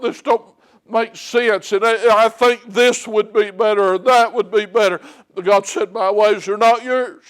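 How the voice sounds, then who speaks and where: A man preaching a sermon in a church, plain-spoken and folksy, telling homespun stories. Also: high voice. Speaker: lay preacher. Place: church sanctuary.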